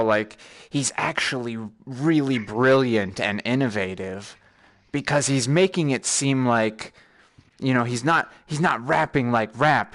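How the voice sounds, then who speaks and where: A man's voice: mid-range voice, fairly bright tone. Rambling young man streaming a game. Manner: rambling, profane. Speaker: live stream host. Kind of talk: casual chat while gaming.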